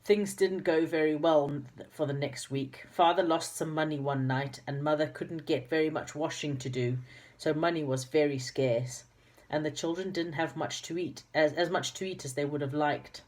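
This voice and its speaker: A woman's voice: deep voice, fairly even intonation, moderate pace, darkish tone. A woman reading a children's book aloud, with chatty asides and small slips. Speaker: reader.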